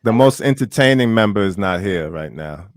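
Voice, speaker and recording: A man, a musician guest on a podcast, talking in a relaxed, rambling way with lots of fillers. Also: on the low side, moderate pace. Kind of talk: casual interview chat.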